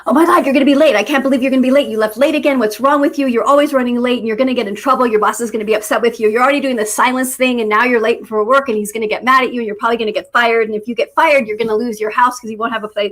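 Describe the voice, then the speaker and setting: A woman voicing her own frantic inner critic, scolding in rapid catastrophizing bursts. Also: on the high side, steady tone, a bit bright. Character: panicky nagging female inner critic.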